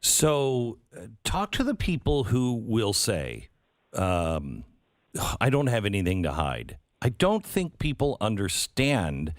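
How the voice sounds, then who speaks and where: A man's voice: on the low side, dry recording, clean studio sound. A man hosting a talk radio interview, telling a story conversationally and asking his guest probing questions. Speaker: radio talk show host.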